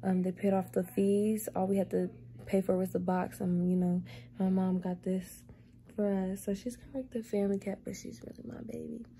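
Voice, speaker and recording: A young woman vlogging in a casual chat, doting and talking baby talk to her cat, sometimes drifting into soft whispers. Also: mid-range voice, flat delivery, normal speed.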